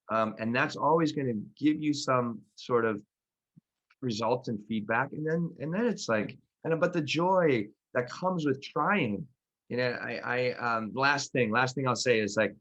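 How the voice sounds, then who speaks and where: A man co-hosting a podcast, chatting casually and rambling with many restarts, laughing at himself, then leading a gentle grounding practice. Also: mid-range voice, highs cut off. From Philadelphia. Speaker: podcast co-host and class teacher.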